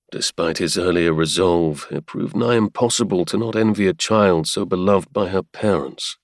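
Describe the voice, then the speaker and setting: Guy reading a romance audiobook, lowish voice, super dry close sound, steady pace. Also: dry recording. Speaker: audiobook narrator. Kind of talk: scripted narration.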